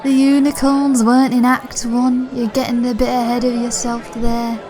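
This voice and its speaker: A woman's voice: a little high, little pitch movement, normal speed, music in the background, lightly acted. A woman playing a blunt, homely theatregoer who calls everyone love.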